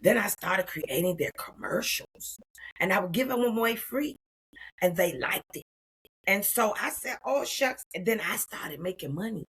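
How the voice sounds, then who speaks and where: A woman in her sixties telling her story as an interview guest, expressive and calling the listener "honey.". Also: low-pitched, husky, rough recording. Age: 60s. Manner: expressive, warm endearments like "honey". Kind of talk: animated personal storytelling.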